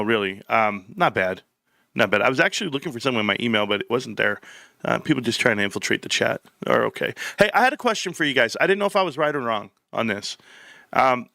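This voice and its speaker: A man hosting a casual stock-market livestream, chatty and mocking, his voice jumping high when he gets worked up. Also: vocal fry, no room sound, studio quality. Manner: excitable, mocking, voice jumps high when riled. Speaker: livestream host.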